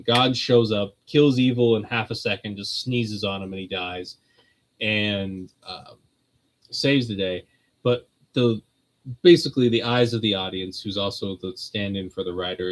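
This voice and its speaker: A man's voice: medium pitch, rough recording. Rambling, chatty male stream host. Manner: rambling and conversational, laughs often. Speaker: host of a streamed religious talk. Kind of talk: casual chat.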